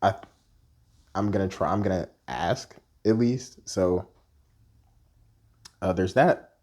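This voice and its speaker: A man's voice: low voice, slow pace, darkish tone. A young adult man vlogging in a candid, rambling, self-deprecating way. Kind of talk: casual personal vlog monologue.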